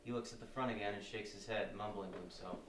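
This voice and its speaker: A man narrating the stage directions at a live script reading, with a steady, descriptive delivery. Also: lowish voice, quick pace. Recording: roomy stage sound from far off, faint noise.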